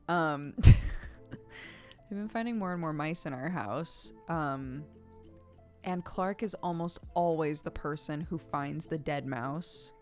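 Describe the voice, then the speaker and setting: A woman streamer chatting casually, telling stories in a rambling, chatty way. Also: low voice. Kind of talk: casual chat while gaming.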